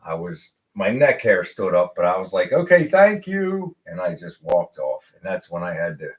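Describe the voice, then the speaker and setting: An American man hosting a casual live show, telling a story with animated asides and acted-out quotes. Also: deep voice, normal speed. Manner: animated storyteller, acts out voices of people in his story. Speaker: podcast host.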